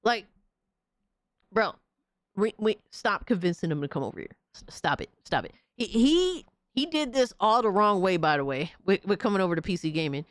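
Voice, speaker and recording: A woman's voice: medium pitch, sing-song, moderate pace, dry recording. A woman hosting a podcast, giving a profane, mocking, repetitive gaming rant in casual talk. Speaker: podcast host.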